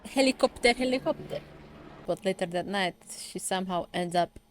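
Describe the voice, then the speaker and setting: A woman's voice: fairly low pitch, monotone, moderate pace, slight background noise. A woman giving casual, sarcastic reaction commentary on a webtoon, swearing freely and ranting in exasperation.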